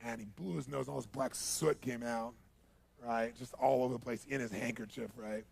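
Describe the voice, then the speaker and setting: A man telling a story at a seminar in an animated way, acting out the dialogue and checking in with his audience. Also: medium pitch, moderate pace, creaky, breathy edge. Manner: animated, acts out dialogue, asks the audience for agreement. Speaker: motivational speaker.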